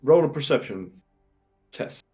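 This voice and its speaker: Over faint background music, a medium-pitched man with an expressive, darkish voice leads a tabletop game, speaking a little slowly. He describes scenes while thinking out loud, stumbling through fillers and restarts and clearing his throat between lines.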